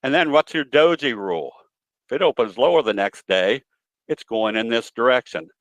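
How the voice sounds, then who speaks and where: A man's voice: medium pitch, lively intonation, normal speed, no echo, dull audio. A man giving a trading webinar presentation in a folksy, storytelling way, with some hesitations. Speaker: guest presenter, trading educator.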